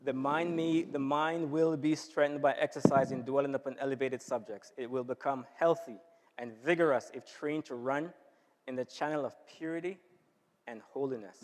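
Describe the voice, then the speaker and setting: Speaking at normal speed with a medium pitch and steady tone, a man leads an informal health talk for a church audience in a church hall. "Right?" comes up often as he checks in, and the recording has long hall reverb.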